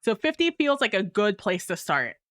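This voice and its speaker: A woman's voice: medium pitch, sing-song, normal speed, pushed and bright. A woman livestreamer chatting casually with viewers at her home computer, laughing often and apologizing, with lots of fillers and restarts. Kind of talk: casual stream chat reading viewer messages.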